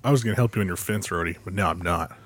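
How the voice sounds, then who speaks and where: A man's voice: deep voice, very fast, background noise. A man in a casual chat, easygoing and playing along with jokes.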